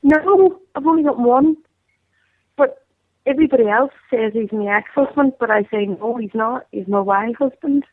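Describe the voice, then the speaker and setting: Irish female caller, higher voice, joking, thin dry phone line. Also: normal speed, no echo. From Ireland. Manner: chatty and joking, fond of wordplay. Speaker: phone-in guest. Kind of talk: casual chat.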